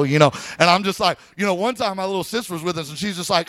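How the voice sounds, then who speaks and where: Pastor guy preaching, high voice, dry close sound, chatty stories and shout-outs to the crowd. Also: rapid-fire, few pauses, dry recording. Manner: conversational storytelling with preacher call-outs. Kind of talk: sermon.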